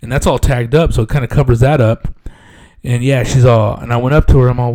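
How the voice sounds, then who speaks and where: A man's voice: mid-range voice, steady tone, a little fast, dark tone. A man telling a story in a casual, laid-back way, swearing freely and acting out other people's lines. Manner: laid-back and profane, peppered with "dude"; acts out other people's lines in raised voices.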